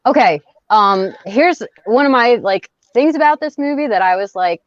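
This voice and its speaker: A woman speaks in a relaxed, frank way and swears casually as she co-hosts a casual podcast chat. The sound is dry and a little dull, as if through a modest mic. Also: a little high, normal speed, no echo. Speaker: podcast co-host.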